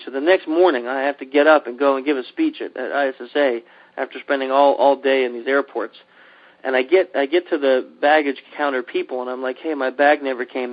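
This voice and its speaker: A man from Pennsylvania hosts a casual podcast chat. He tells his story with animated energy and acts out the voices of the people in it. The sound is slightly muffled and lo-fi. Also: medium pitch. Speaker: podcast host. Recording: dull lo-fi podcast audio.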